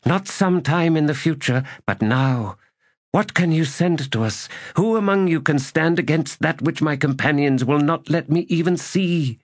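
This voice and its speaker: A man narrating an audiobook and voicing a desperate, defiant human woman priestess who pleads and then shouts in panic. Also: animated, unhurried, no room sound, clean studio sound. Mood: urgent pleading. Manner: pleading, then shrill and frantic.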